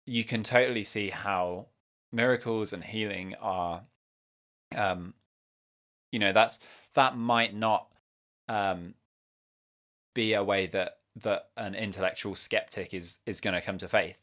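Man, very deep voice, thoughtful host, hedging, um-filled. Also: steady tone, slow, a bit bright. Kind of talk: casual faith conversation.

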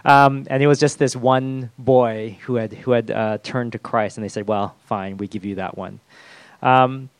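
A man preaching a sermon, talking in a halting way with lots of fillers and restarts. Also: mid-range voice, steady tone, clear, resonant tone, dry recording. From the West. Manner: hesitant, with many fillers and restarts.

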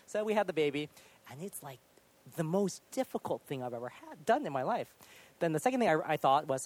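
A man in his thirties preaching a sermon, telling a personal story in an animated, self-deprecating way with sudden loud outbursts. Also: on the high side, brisk, no room sound. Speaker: pastor.

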